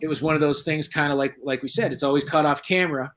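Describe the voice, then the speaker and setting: A New England paranormal investigator in his forties tells a story as a guest in a casual podcast interview, animatedly acting out the quoted dialogue. His voice is a little high and fast, and the recording is rough.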